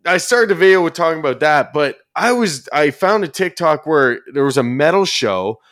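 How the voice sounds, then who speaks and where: Profane, animated podcast host man. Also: on the high side, moderate pace. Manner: loose and profane, animated storytelling with bursts of emphasis. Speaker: podcast host and commentary YouTuber. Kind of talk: casual podcast chat.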